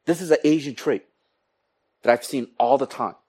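Male pastor, sermon, animated, acts out scenes, mid-pitched voice. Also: moderate pace, breathy edge. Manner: animated, acts out quoted exchanges.

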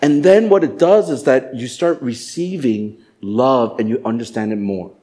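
Animated male pastor preaching. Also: mid-range voice, normal speed. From Asian family background. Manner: animated, acts out voices and jokes. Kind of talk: sermon.

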